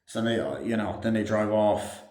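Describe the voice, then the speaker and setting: A man's voice: lowish voice, animated, normal speed, a little mellow. A man giving a casual, rambling movie review full of fillers and swearing. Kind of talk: casual spoken film review. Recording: echoey room.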